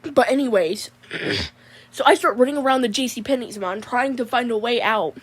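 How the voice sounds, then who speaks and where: A woman's voice: a little high, moderate pace, slightly rough. A woman telling a rambling comic dream story, peppering it with 'Mon'. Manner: rambling, says 'Mon' constantly. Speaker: comedy character storyteller.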